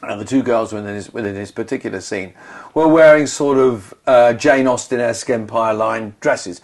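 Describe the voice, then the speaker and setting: A man co-hosting a casual podcast, telling anecdotes in an animated way with frequent restarts. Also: mid-range voice, normal speed. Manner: animated storyteller, many restarts. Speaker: podcast co-host, actor.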